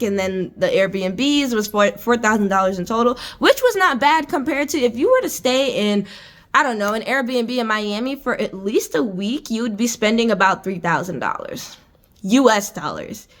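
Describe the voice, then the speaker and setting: A young American woman in her twenties tells a story straight to her camera from an indoor room. Her voice sits fairly high, and she talks in a chatty, exasperated way, packed with "like" and "I was just like". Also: a bit bright. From United States. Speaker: vlogger. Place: indoor room with adjustable lighting.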